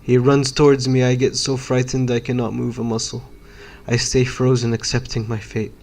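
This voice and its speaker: Flat-voiced man reading a horror story. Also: mid-range voice, a little hiss or hum. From Palestine. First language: Arabic. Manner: measured, dramatic inner monologue.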